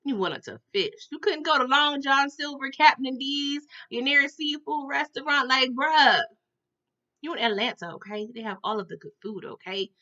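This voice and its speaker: A woman giving a casual TV episode recap, animated and slangy, often checking in with "okay?" and "y'all". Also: high voice, normal speed, lo-fi sound. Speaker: TV recap reviewer.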